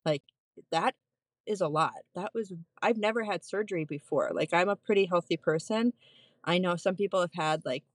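Lady in her 30s telling her story on a podcast, lowish voice, dry close mic, laughs a lot. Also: no room sound. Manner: animated, laughs often, many fillers. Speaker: guest, postpartum nurse. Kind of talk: candid personal storytelling.

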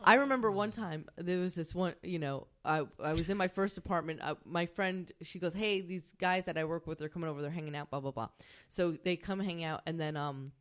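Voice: mid-range voice, brisk, hardly any pauses, fairly bright tone. A podcast co-host telling an anecdote in a casual, sarcastic way, acting out quoted lines. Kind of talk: casual storytelling.

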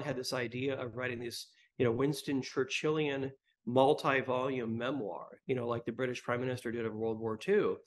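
A man who is a history professor, speaking as an interview guest in a measured, scholarly, explanatory way. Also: medium pitch, a bit bright.

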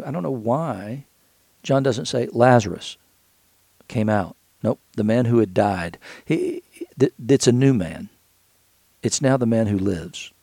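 A man's voice: mid-range voice, creaky, mellow, no room sound. A man teaching scripture in a conversational way, thinking aloud with frequent restarts and repeated words.

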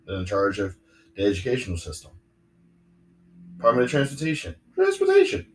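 A man's voice: fairly low pitch, expressive, brisk, a bit bright, slight background noise, poor audio. A young man hosting a solo podcast, rambling and repeating himself with lots of fillers. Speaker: podcast host.

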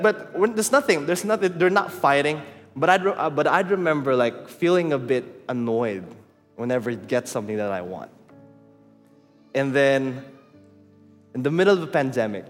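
A man with a Filipino accent preaches a sermon, sharing a personal story in a candid, conversational way and mixing in Tagalog phrases. His voice is a little high and his pace moderate. The recording comes from a reverberant hall, with faint music and crowd noise behind him.

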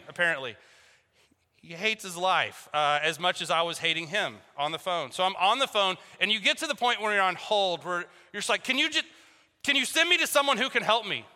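In a church hall with long reverb, a pastor with a high, sharp-toned voice preaches a sermon. He tells a story and acts out both sides of a phone call, joking as he goes.

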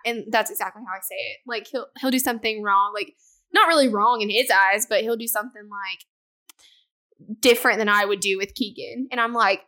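A woman's voice: mid-range voice, brisk. A young adult woman co-hosting a podcast, chatting casually and acting out quoted exchanges with animation. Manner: animated, acts out quoted exchanges with her husband. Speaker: podcast co-host. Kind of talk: casual chat.

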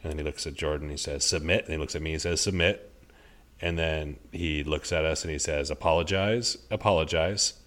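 This is a deep-voiced man in his thirties talking on a podcast. He speaks earnestly and thoughtfully, often circling back and restarting his sentences as he works through an idea. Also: little pitch movement, quick pace, few pauses, a bit bright. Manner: earnest, reflective, many restarts. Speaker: podcast co-host. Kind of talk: casual conversation.

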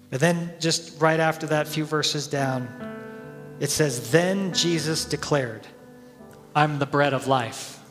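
A man's voice: fairly high pitch, fairly bright tone, in a large hall. A man preaching a sermon as head pastor, telling the story with energy, acting out the crowd's voices and often chuckling.

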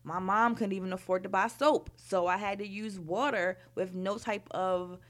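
A woman's voice: mid-range voice, steady tone, normal speed. Candid woman telling her story. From Baltimore, Maryland. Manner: frank, conversational, heavy use of "like" and "you know". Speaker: storyteller recounting her youth.

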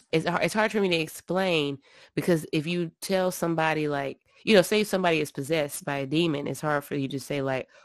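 A woman casually retelling Bible stories, slangy and animated, acting out the characters' lines. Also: low voice, no echo, studio quality. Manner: animated storyteller, slangy, acts out quotes. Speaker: podcast co-host discussing scripture. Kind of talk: casual Bible discussion chat.

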